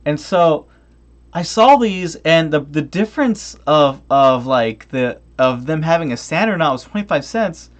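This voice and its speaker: A man's voice: fairly high pitch, expressive, a little slow. Swearing, rambling young man ranting. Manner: heavy swearing, tangents, many restarts. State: tipsy. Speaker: streamer.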